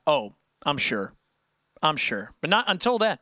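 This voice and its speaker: Streamer dude rambling thru chat, bright lively voice, dry close mic. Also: male voice, fairly high pitch, a little slow, no echo. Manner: rambling, self-interrupting, reads chat aloud. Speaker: livestream host. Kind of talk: casual livestream chat.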